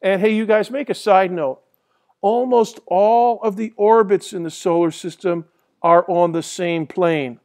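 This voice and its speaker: A man's voice: high voice, measured pace, a little mellow. A man giving a classroom lecture in a rambling, conversational way, with fillers and restarts. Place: lecture hall.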